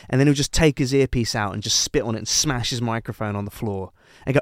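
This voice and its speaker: A man's voice: medium pitch, quick pace, hardly any pauses, dry recording, clean studio sound. A man co-hosting a casual podcast, rambling through comic bits and swearing often. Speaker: podcast co-host. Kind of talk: casual chat.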